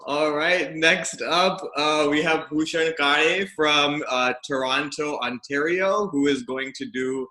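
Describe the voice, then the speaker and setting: A man's voice: on the high side, fairly even intonation, slow, few pauses, bright, forceful tone, reverberant. A man hosting on a video call, introducing the next performer casually with many fillers. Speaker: host.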